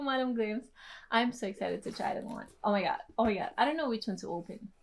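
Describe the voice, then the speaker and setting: Young woman, tetum native, gushing excitedly over an unboxing, faint hiss behind. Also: on the high side, fairly quick. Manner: excited, gushing, lots of laughs. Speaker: beauty vlogger. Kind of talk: casual unboxing vlog.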